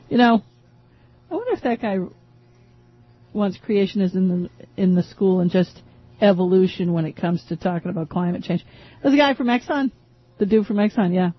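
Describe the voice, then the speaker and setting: A woman from Maine with a Maine accent, filling in as a radio talk show host, chatting casually and joking with quick asides. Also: mid-range voice, husky. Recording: dull, slightly lo-fi radio broadcast.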